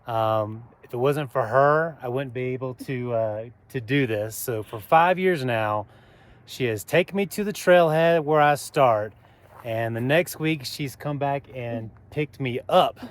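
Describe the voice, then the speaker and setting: A man with a Southern US accent talking casually to camera on a mountain trail, chatty and halting with fillers, sometimes out of breath. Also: medium pitch. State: out of breath on climbs. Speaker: hiker vlogger.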